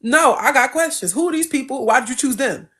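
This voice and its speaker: A woman's voice: high-pitched, a little fast. A woman hosting a casual chat, telling a story with mocking quoted voices. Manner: animated storytelling, mocking quotes, frequent laughter. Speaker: podcast host.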